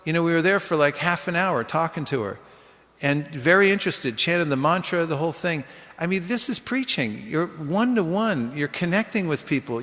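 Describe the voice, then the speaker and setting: A man with a fairly high voice tells stories to a class, animated and chatty, sometimes acting out the people he met. The sound is echoey, with a long hall reverb around him. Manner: animated storyteller, acts out voices in quotes. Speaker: book distribution speaker. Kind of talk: informal class talk with anecdotes. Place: temple hall.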